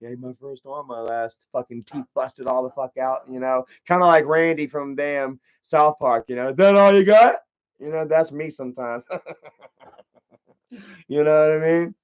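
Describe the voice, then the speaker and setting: A man streaming live, telling a story in a casual, rambling way, with lots of profanity and animated energy. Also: medium pitch, moderate pace, smooth. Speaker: livestreamer. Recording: slightly dull lo-fi stream audio.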